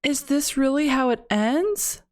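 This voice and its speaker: A woman's voice: high-pitched, lively intonation, unhurried, darkish tone. A woman giving casual game commentary, reacting aloud with lots of exclamations as events unfold.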